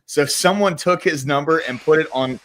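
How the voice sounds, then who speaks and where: A man's voice: fairly high pitch, normal speed, fairly bright tone. A man in casual group voice chat, a blunt and profane storyteller.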